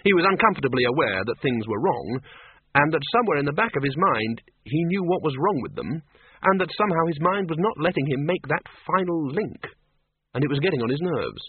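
A man narrating an audiobook with a wry, expressive delivery. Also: fairly high pitch, brisk, breathy edge, dry recording. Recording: dry, tinny phone-like audiobook.

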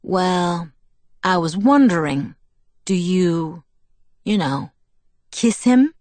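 A woman reading the lines of a teasing, curious teenage boy in an audiobook, asking soft questions. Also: lowish voice, animated, very slow, no echo.

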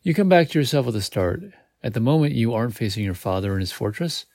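A man's voice: mid-range voice, animated, fast talker, darkish tone, no echo, studio quality. A man hosting a podcast, reading a gamebook aloud in a casual way, with slips and self-corrections. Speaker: podcast host.

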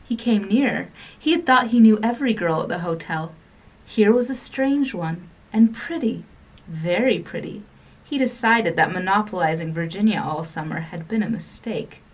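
A woman narrates a romantic short story for a radio program, shifting her pace and volume as the drama unfolds. Her voice sits at a middling pitch and sounds a touch off-mic. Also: moderate pace, distant mic.

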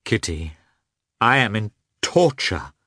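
A man's voice: on the low side, sing-song, slow pace, bright, forceful tone, husky, no echo, studio quality, full character voice. A man voicing a despairing young suitor. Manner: pleading, anguished. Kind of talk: audiobook character voice.

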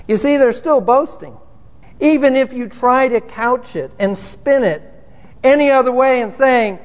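A man's voice: extremely high pitch, moderate pace. A man preaching a sermon in a loose, conversational way, with restarts and rhetorical questions, in a church sanctuary. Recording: dull lo-fi recording with long hall reverb.

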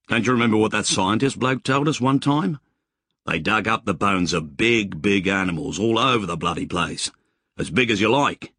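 A man voicing rough bushmen with a blunt, slangy drawl. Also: deep voice, fairly bright tone, no echo, studio quality, exaggerated voice. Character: laconic rough Australian bushman mates, adult men.

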